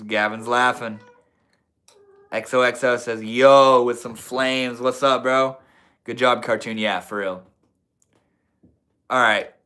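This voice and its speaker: A man's voice: lowish voice, sharp tone. A young man hosting a live stream in a casual, laid-back way, reading out and answering chat comments with lots of slang and swearing. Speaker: livestream host.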